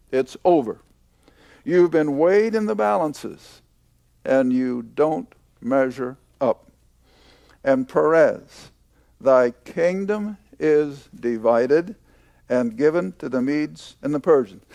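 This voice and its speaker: An older man teaching a Bible lesson to a class, slow and emphatic, repeating key points. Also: a little high, lively intonation, vocal fry, darkish tone, dry recording.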